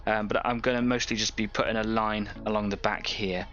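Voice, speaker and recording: A man's voice: fairly low pitch, level tone, a little fast, fairly bright tone, highs cut off. A man hosting a live painting stream, chatting casually, rambling and laughing at his own jokes.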